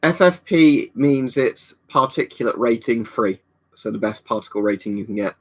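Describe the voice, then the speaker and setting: A man's voice: mid-range voice, expressive, normal speed. A man hosting a casual livestream, rambling easily as he reads out viewers' comments and answers them from a room at home. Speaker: livestream host. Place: indoor storage room at home.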